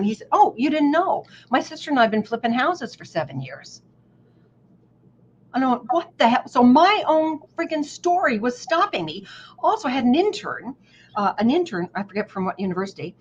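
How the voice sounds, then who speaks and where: Animated self-mocking woman storyteller, lo-fi. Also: medium pitch. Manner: animated, self-mocking, acts out voices in her stories. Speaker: guest. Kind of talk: casual storytelling. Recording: dull lo-fi audio with faint noise.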